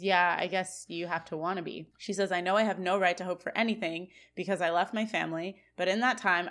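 A woman co-hosting a podcast, recapping a TV episode scene by scene and reading quoted lines in a flat voice. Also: on the low side. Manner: recounts scenes, quoting lines in a flat read. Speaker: podcast co-host. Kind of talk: casual recap chat.

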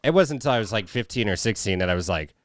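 A man's voice: on the low side, lively intonation, racing, dry recording, clean studio sound. A man co-hosting a casual podcast, laughing often and cracking crude jokes. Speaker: podcast co-host.

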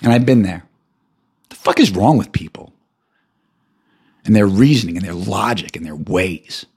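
A man hosting a podcast alone, ranting angrily and profanely, his voice jumping high when he gets heated. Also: lively intonation, moderate pace, darkish tone, slightly rough. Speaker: podcast host. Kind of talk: angry solo rant.

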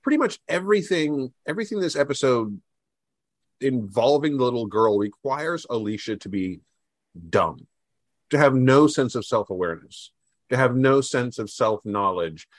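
A man's voice: mid-range voice, animated, moderate pace, no room sound. A man co-hosting a podcast, giving casual critical commentary on a TV show in a sarcastic, wry way. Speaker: podcast co-host.

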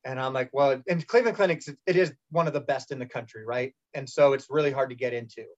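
A man's voice: mid-range voice, quick pace. A middle-aged man candidly telling a personal story in a casual interview, rambling with restarts and acted-out quotes. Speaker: guest telling his cancer story. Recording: muffled lo-fi sound.

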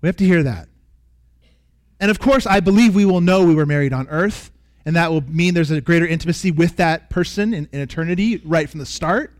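A male pastor with a voice on the high side preaches a little fast, hammering home his points through earnest repetition. Now and then he softens almost to a whisper.

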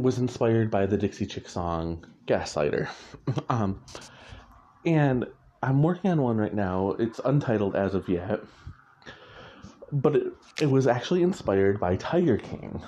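Low, mellow man chatting in a rambling way. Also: lively intonation, measured pace, a little hiss or hum. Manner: rambling, self-correcting, chuckles often. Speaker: author. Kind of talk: casual chat. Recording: muffled lo-fi recording.

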